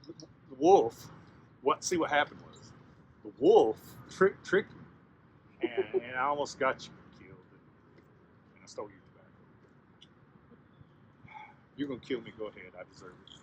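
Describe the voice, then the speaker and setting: A man voicing a remorseful male rabbit who speaks softly and haltingly in an apologetic way. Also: medium pitch, big pitch swings, a little hiss or hum.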